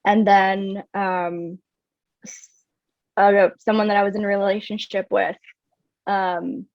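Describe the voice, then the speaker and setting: In a slightly dull, dry recording with no room sound, a woman talks slowly in a mid-range voice that barely moves in pitch. A wellness coach appearing as an interview guest, she recounts her personal story candidly, earnest and reflective, leaning hard on the word "like".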